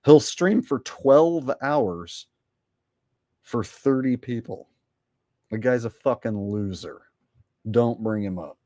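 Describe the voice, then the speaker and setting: A man's voice: mid-range voice, slow, pauses often, mellow, no room sound, studio quality. A man hosting a live stream, ranting bluntly and casually with plenty of swearing. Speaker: streamer host.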